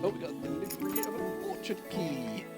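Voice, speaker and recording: A man's voice: high voice, animated, a little fast, over loud music. A man, chatting casually and rambling while streaming a puzzle game. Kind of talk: casual gameplay chat.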